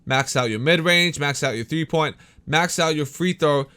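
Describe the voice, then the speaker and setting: This tired young YouTube host walks viewers through a game in a casual, upbeat tutorial, his voice slightly worn. It sits a little high with a sharp tone and moderate pace, and he keeps dropping "man" and "guys" in his hyped chatter.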